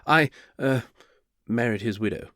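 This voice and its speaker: A man's voice: mid-range voice, unhurried, sharp tone, dry recording, studio quality. A man voicing a flustered male bard turned reluctant duke, who stammers and hesitates nervously.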